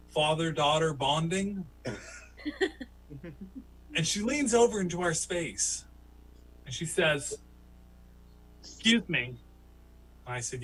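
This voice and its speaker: A man doing a stand-up comedy story who laughs at his own tale and jumps into high, squeaky voices for the people he quotes. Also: fairly bright tone, a little hiss or hum, poor audio. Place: home, virtual show.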